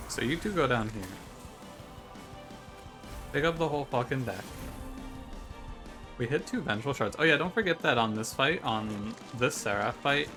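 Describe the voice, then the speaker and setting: A man giving joking, wry commentary while playing a video game at home, with mock trash-talk. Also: mid-range voice. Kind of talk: gameplay commentary. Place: room at home by a window. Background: game music.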